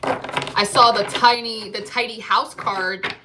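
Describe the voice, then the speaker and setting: A woman's voice: on the high side, steady tone, slow pace, background noise. A woman giving a casual tarot reading to camera at home, chatty and rambling with lots of filler words. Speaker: tarot reader.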